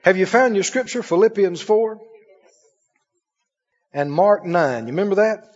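A man's voice: sits high, expressive, a little slow, a little mellow. A man preaching a sermon, chuckling often and asking the congregation questions. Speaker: pastor. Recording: dull, lo-fi sound in a reverberant hall.

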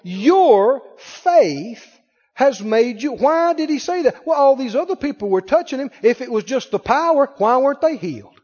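A man's voice: very high-pitched, lively intonation, fairly quick, hardly any pauses. A man preaching a sermon to a congregation, emphatic, acting out the people in the story. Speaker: pastor. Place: church sanctuary with a congregation. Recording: dull sound in a reverberant church hall.

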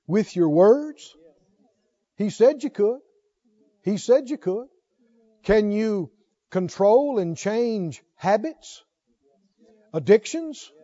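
Middle-aged male preacher, high but mellow voice, emphatic sermon delivery, lo-fi recording. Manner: emphatic, asks the congregation rhetorical questions. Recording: dull lo-fi recording.

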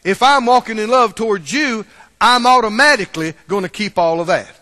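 Speaking fairly quickly in a high, pushed, bright voice, the pastor delivers a sermon to his congregation. His repetitive, emphatic style draws responses back from the crowd, all inside a long hall reverb.

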